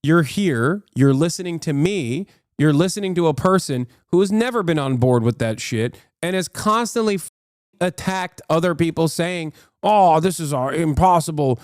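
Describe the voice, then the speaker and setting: This streamer's voice sits on the high side, expressive and clean-toned, in a dry studio-quality recording. His casual reaction commentary is a rapid, combative rant full of profanity he cuts short and plenty of fillers.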